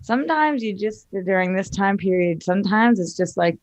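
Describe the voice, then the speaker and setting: A woman's voice: medium pitch, animated, moderate pace, darkish tone, highs cut off. A woman co-hosting a podcast, breezy and teasing in casual chat. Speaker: co-host.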